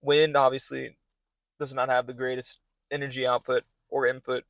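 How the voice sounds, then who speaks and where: A young podcast host speaks in a gravelly, fairly bright, medium-pitched voice with a flat delivery and moderate pace. His casual chat is loose and rambling, full of fillers and restarts, and the recording has no echo.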